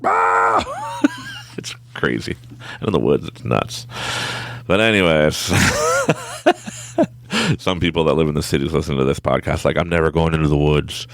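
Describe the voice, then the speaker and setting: A man telling a story in a casual, animated way, laughing often and acting out his own thoughts in different voices. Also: extremely low pitch, gravelly, no echo. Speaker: podcast guest.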